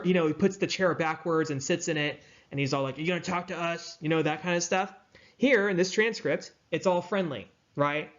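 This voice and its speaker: A man's voice: on the high side, dull audio. A man lecturing in a conversational way, often checking in with his students as he breaks things down. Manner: conversational, checks in with "right?" and "okay?". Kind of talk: university lecture.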